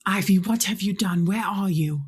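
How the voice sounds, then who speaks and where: A woman's voice: sits low, measured pace, breathy edge. A woman voicing a stern, tense noble mother in a tabletop game, speaking in clipped, commanding lines.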